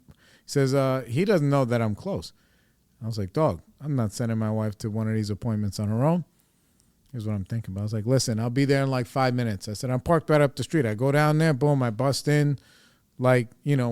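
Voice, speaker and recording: A man's voice: medium pitch, darkish tone, clear, resonant tone, no room sound, clean studio sound. A man hosting a podcast, telling a personal story in a casual, rambling way, full of fillers and swearing. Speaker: podcast host.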